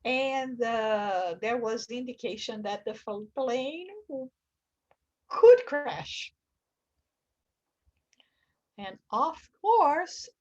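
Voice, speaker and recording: A woman leading a religious study class, earnest, reading passages and explaining them. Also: highs cut off. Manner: earnest, acts out quoted screams with high bursts. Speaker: study group teacher.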